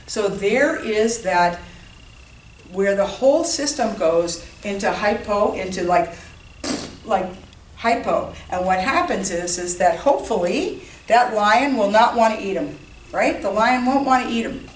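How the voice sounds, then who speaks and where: A woman's voice: medium pitch, animated, measured pace. A woman giving an informal lecture on health to a class, often checking in with her listeners. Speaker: health educator. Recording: roomy, distant mic, faint noise.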